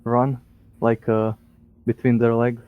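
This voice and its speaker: A man playing a casual tabletop game talks hesitantly, leaning on plenty of fillers. His mid-range voice is clean-toned and slow, with little pitch movement. The line sounds tinny, like a phone.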